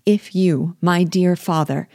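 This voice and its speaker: A woman's voice: on the low side, fairly even intonation, takes it slowly, warm tone, dry recording, studio quality. A woman reading the lines of an earnest, sensible young woman pleading with her father in an audiobook.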